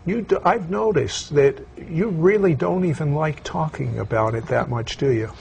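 A man interviewing a guest, asking gentle, probing questions. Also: a little high, normal speed, creaky, slight background noise.

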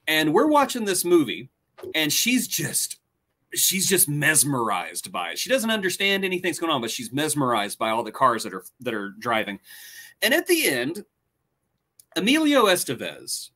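Animated, bright-voiced storytelling man. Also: fairly high pitch. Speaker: co-host. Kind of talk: casual storytelling chat.

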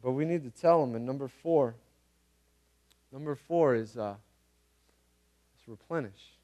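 A man's voice: mid-range voice, measured pace, mellow, dull audio. A man preaching a casual, conversational sermon, earnest and repeating phrases for emphasis, with everyday slang. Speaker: pastor.

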